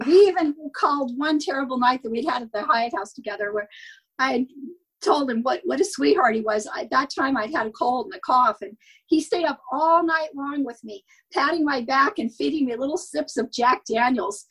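A woman's voice: sits high, expressive, moderate pace, fairly bright tone, breathy edge, poor audio. An older woman telling personal stories in a wistful way, laughing now and then as a podcast guest. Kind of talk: storytelling in casual chat.

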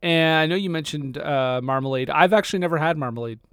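A young man in his twenties co-hosting a podcast in a relaxed, joking chat. His voice is smooth and clear, a little high for a man. It is recorded close and dry. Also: fast, no room sound. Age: 20s. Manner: laid-back, joking, casual swearing. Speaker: podcast co-host. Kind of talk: casual film chat.

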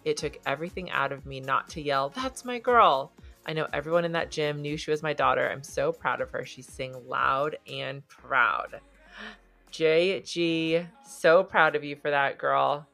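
Low-voiced chatty woman podcast host. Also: fairly even intonation, moderate pace, gravelly, fairly bright tone, faint music behind. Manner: chatty storyteller, lots of "like" fillers. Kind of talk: casual chat.

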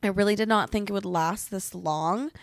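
A woman's voice: mid-range voice, moderate pace, no room sound, studio quality. A young woman hosting a podcast, venting alone in her bedroom while sick, profane, rambling and self-mocking. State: sick and congested. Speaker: podcast host. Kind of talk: casual venting monologue.

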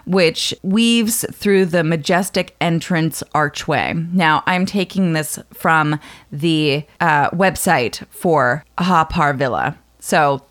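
A woman's voice: low-pitched, takes it slowly. A woman co-hosting a podcast in casual chat, explaining a topic from her notes with frequent ums and uhs. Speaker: podcast co-host.

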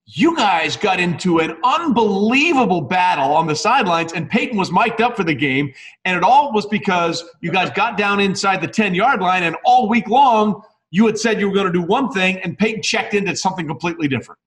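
A man's voice: high voice, animated, fairly quick, a bit bright. A man hosting a casual sports interview, setting up stories for his guest in a conversational way. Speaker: podcast host. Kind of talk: interview questions.

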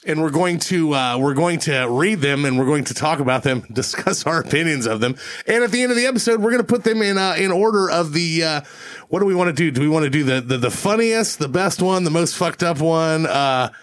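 A man's voice: fairly high pitch, expressive, brisk. A man hosting a podcast in casual, profane, rambling chat with friends. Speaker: podcast host.

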